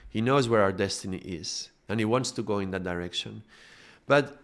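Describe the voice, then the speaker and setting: A man's voice: lowish voice, moderate pace. Man teaching through metaphors. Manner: builds extended metaphors, checks in with tag questions. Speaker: spiritual teacher. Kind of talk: live spiritual talk.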